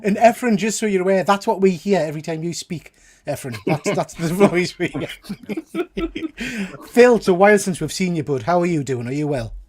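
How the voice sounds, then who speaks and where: A man's voice: high voice, animated, brisk, darkish tone. A man hosting a casual group chat, joking and laughing often. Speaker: host.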